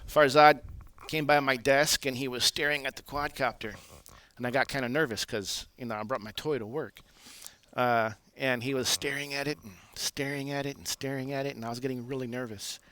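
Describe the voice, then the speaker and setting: A man with an ordinary mid-range voice tells a long anecdote in a loose, chatty way. He fills his pauses with "uh" and jokes at his own expense, the easy manner of an engineer talking shop. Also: mid-range voice. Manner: relaxed, self-deprecating, lots of "uh" fillers. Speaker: aircraft engineer. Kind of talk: casual anecdotal storytelling.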